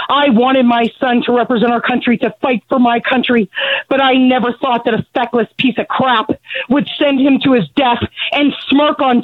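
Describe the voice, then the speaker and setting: A middle-aged woman, out of breath from pacing, speaks angrily and bluntly with halting restarts about losing her son. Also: sits high, no room sound. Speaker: grieving mother of a fallen Marine, calling in. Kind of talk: emotional phone testimony. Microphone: telephone. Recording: tinny, dry phone line.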